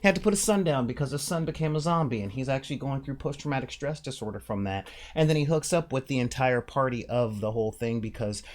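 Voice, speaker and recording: Guy hosting a tabletop gaming chat, casual, emphatic, animated, drops into quick joke voices. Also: mid-range voice. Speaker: podcast host.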